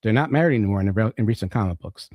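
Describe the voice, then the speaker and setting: An animated man tells a comic book story in casual chat, full of "you know" and "like". His pitch jumps as he acts out characters. The sound is close and dry. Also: rapid-fire, no echo, dull audio. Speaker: podcast host explaining comics.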